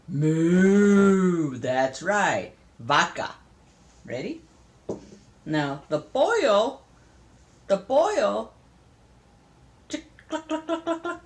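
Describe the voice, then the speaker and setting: An older grandmother from Southern California talks casually to a grandchild, playful and chatty with easy laughter. Her pitch moves around a lot as she explains things. It sounds like an informal home lesson. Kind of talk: casual spoken lesson to a child.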